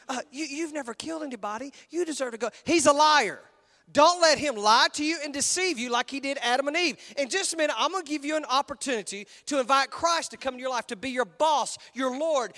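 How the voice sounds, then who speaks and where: High-voiced Texan preacher in a reverberant hall. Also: male voice. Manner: conversational, animated preaching with put-on voices. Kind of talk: sermon. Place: large church auditorium.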